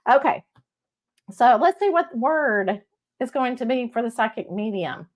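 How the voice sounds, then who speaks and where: A middle-aged woman with a Texas accent, a medium hosting a casual live-stream reading. She talks in a chatty, warm-hearted way and often checks in with "okay?". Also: on the high side, animated, unhurried. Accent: Texan. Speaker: psychic medium host.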